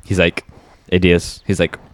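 A man's voice: deep voice, completely flat delivery, a little slow. A man, co-hosting a podcast in casual chat and rambling through party stories with heavy swearing and slang. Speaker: podcast co-host.

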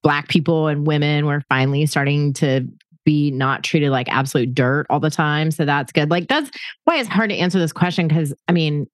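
A woman in her forties hosts a casual podcast, trading quick questions with her sister. Her voice sits low but swings widely as she jokes and laughs. The sound is dry and close. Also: dry recording. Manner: playful, laughs often. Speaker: podcast host. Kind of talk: casual chat between sisters.

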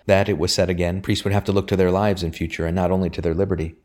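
A man's voice: low-pitched, level tone, rapid-fire, a little mellow. A man narrating a historical novel as an audiobook, reading steadily. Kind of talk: scripted narration.

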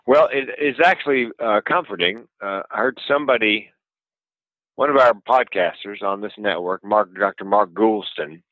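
A man's voice: lowish voice, moderate pace, no room sound. A male comedian and public speaker, a guest telling stories animatedly in an interview. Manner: animated storyteller who acts out dialogue. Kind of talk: storytelling interview. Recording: tinny phone-like line, dry.

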